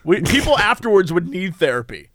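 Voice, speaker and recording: High, lively-voiced man in casual chat. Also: brisk, dry recording, studio quality. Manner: animated, playful, mimics others in quoted voices. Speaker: podcast co-host.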